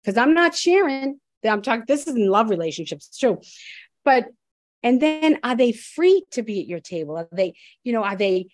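A woman's voice: on the high side, sing-song, normal speed, no echo. A woman guest telling her story in a candid, emphatic, blunt way, often restarting her sentences.

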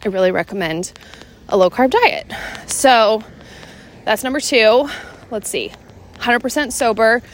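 A woman from Seattle, a fitness coach and podcast host, chats on her solo show while taking an evening walk, a little short of breath. Her fairly high voice is unhurried with long pauses and slight background noise, and her rambling talk is full of "like."

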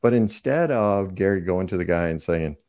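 A man in his sixties, a podcast guest who tells stories in a relaxed conversational way and laughs often. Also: sits low, normal speed, smooth, dry recording. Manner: warm storyteller, laughs often. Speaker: guest speaker.

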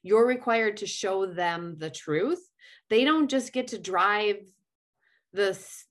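Earnest rambling woman in her forties. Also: medium pitch. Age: 40s. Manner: earnest, rambling with frequent "like" and restarts. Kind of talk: casual conversational chat.

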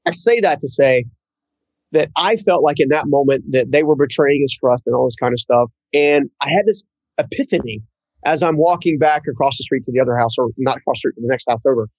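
A man who is a guest in an interview, telling a personal story in an earnest, halting way and often repeating words. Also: mid-range voice, darkish tone, slightly rough, no room sound, poor audio.

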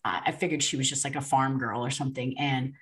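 A woman guest recounts her story in an animated, chatty way, with plenty of fillers and reenacted dialogue. Her voice sits notably low for a woman. She sounds relaxed and unscripted. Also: quick pace. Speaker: podcast guest. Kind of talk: casual storytelling testimony.

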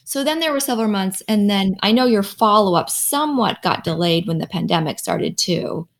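A woman's voice: mid-range voice, moderate pace. A woman in her thirties, a pediatric radiologist, telling a story in casual conversation and acting out what people said. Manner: animated storyteller who acts out quoted dialogue.

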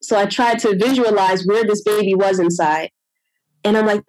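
A woman casually telling a long personal story as an interview guest, animated, full of "I'm like" and "you know", acting out her own past words in a higher voice. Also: normal speed, no room sound, poor audio.

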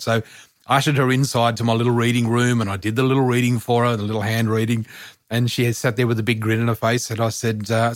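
Animated middle-aged man telling stories. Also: mid-range voice, quick pace, no room sound, clean studio sound. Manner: animated storyteller, acts out voices, laughs often. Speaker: guest, spiritual teacher. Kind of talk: storytelling in a podcast chat.

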